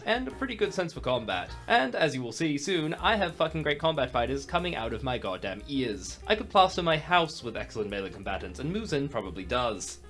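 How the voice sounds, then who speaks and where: A man's voice: mid-range voice, a bit bright. A young man with a New Zealand accent hosting a comedic tier-list commentary, sarcastic and jokey, swearing casually. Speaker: YouTube host.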